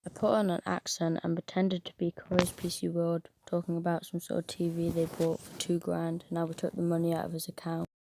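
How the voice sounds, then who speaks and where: A woman narrating a first-person horror story in an even, steady reading manner. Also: lowish voice, brisk, gravelly, few pauses.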